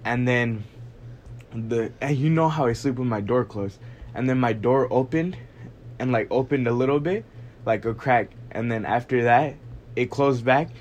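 A man's voice: mid-range voice, moderate pace, a little mellow, lo-fi sound, slight background noise. Rambling young man, full of "like". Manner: rambling, heavy use of "like". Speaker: podcast co-host. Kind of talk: casual chat.

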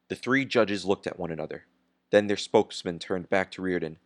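A man narrating a novel in an even, unhurried reading voice. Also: low voice. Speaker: audiobook narrator. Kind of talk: scripted narration.

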